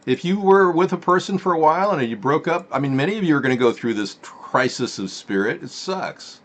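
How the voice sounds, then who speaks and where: A man's voice: fairly high pitch, lively intonation, a little fast, a bit bright. A man hosting a live-stream political talk show in a rambling, sarcastic manner. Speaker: host.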